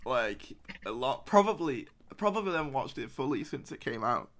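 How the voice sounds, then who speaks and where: A man's voice: medium pitch, sing-song, moderate pace, fairly bright tone. Guy rambling on a podcast, lots of ums and likes, laughs a lot. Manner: rambling, laughs often, many fillers. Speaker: podcast host. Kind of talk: casual chat.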